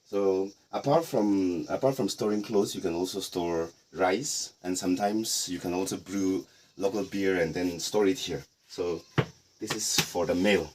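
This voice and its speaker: A middle-aged man from Nagaland, guiding a casual tour of a heritage house in a relaxed, explanatory way with playful asides. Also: deep voice, measured pace, slight background noise. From Nagaland, India. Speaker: tour guide.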